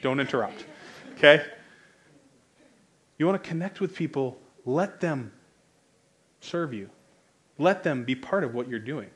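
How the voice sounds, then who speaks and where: A man in his thirties with an American accent, preaching a sermon in a conversational, joking way that rises to loud, emphatic bursts. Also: medium pitch, lively intonation, a little slow, pauses often.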